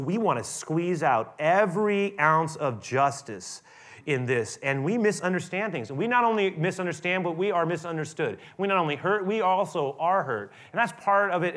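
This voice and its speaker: Bright-voiced male pastor preaching. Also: fairly high pitch. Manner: conversational preaching, restarts, rises to emphatic peaks. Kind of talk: sermon.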